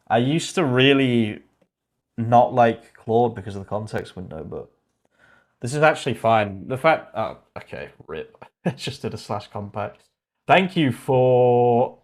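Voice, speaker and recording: A young man chatting casually on a livestream while he codes. He swears freely, thinks out loud, and reads code notes aloud in a flat murmur. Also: mid-range voice.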